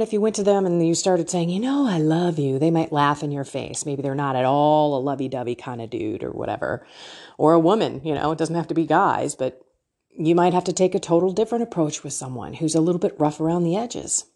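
A woman's voice: sits low, fairly quick, dark tone. A middle-aged woman talking candidly and emotionally to an online faith group, with a self-deprecating manner. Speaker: faith and life coach.

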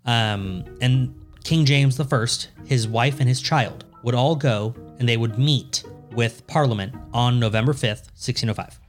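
A man at an ordinary mid pitch tells a history story in a loose, chatty way, swearing and laughing as he goes. Faint music sits softly in the background. He sounds like a podcast co-host talking with a friend. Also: a little slow, few pauses. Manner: casual, profane, laughs often. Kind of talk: casual storytelling chat.

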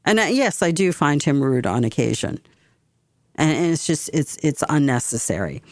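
A woman's voice: sits low, big pitch swings, moderate pace, dry recording, clean studio sound. A woman giving blunt, opinionated commentary on local politics, with lots of fillers.

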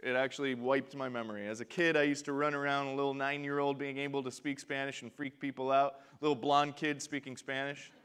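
Bright-voiced passionate man preaching a sermon. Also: medium pitch, flat delivery, fairly quick, hardly any pauses, smooth. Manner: passionate, swings from soft to loud when acting out prayers. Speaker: pastor. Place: church before a congregation.

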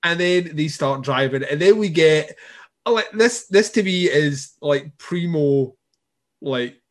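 A man's voice: a little high, slow. A man co-hosting a podcast in casual chat, rambling through a recap of a TV show with frequent swearing and restarts. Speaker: podcast co-host.

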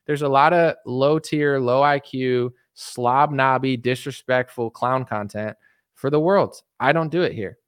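A man ranting on a livestream in a scornful, mocking tone, slipping into silly voices to ridicule his viewers. The sound is close and dry, with almost no room around it. His pitch sits at an ordinary middle level for a man. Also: measured pace, clear, resonant tone, no room sound. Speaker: streamer.

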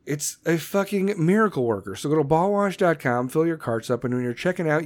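A man hosting a podcast, ranting angrily and swearing constantly, with shouted bursts, then reading sponsor ads in the same blunt, profane way. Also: a little high, very animated, brisk, few pauses. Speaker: podcast host. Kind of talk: profane political rant and ad read.

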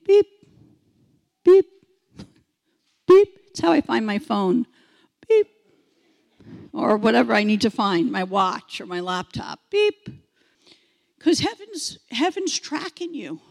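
A woman in her sixties delivering a sermon with a gravelly, creaky edge to her voice. She speaks slowly and sits a little high in pitch, and she is animated, repeating key phrases and mimicking beeps to make her point. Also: big-room sound. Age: 60s. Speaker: preacher.

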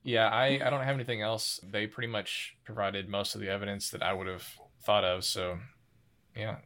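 A man's voice: on the low side, little pitch movement, normal speed, a bit bright. A man co-hosting a casual podcast discussion, easygoing and rambling, often laughing. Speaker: podcast co-host.

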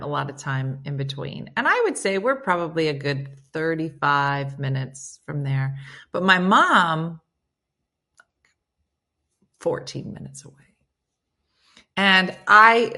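Low-voiced chatty woman host. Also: bright, forceful tone. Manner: chatty, reads listener comments aloud. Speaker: radio host reading listener messages. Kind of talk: casual morning show chat.

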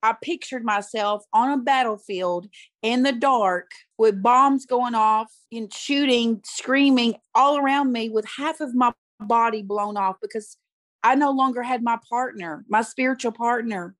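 A woman's voice: fairly high pitch, dry recording. Earnest, emotional woman with a dry sound. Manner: earnest, emotional, repeats phrases for emphasis. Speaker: guest, youth pastor. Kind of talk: personal testimony in conversation.

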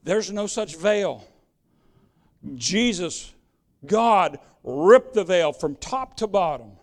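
A man's voice: high-pitched, animated, takes it slowly. A man preaching a sermon in a plain-spoken, direct and emphatic way, often repeating words as he searches for the next one.

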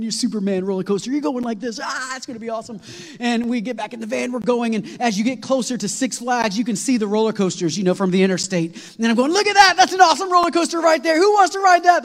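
A man preaching a sermon, telling a long story in an animated, rambling way with many fillers and restarts. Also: sits high. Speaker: pastor. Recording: long hall reverb.

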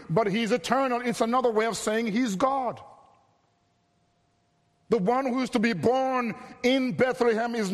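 High-voiced preacher in a reverberant hall. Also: male voice. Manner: earnest expository preaching, drawn-out emphatic phrases. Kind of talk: sermon.

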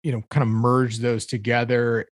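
A man's voice: medium pitch, level tone, normal speed, dry recording. A man on a music podcast, his voice mid-range and recorded dry and close with no room sound. He talks loosely, circling and searching for the right words, filling the gaps with plenty of ums and likes. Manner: rambling, searching for words with many fillers. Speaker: podcast co-host. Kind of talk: casual chat about music.

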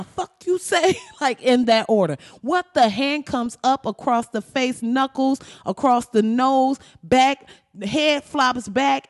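A woman's voice: medium pitch, dry recording, clean studio sound. A woman telling stories in a rambling, profane comedic monologue. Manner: loud, rambling, profane storytelling with frequent laughs.

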